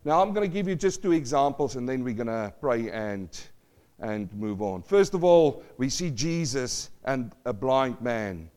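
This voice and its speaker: A male pastor preaching a sermon, swinging from loud cries to hushed asides and asking the congregation questions. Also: medium pitch, animated, unhurried. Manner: repeats phrases, asks the congregation questions.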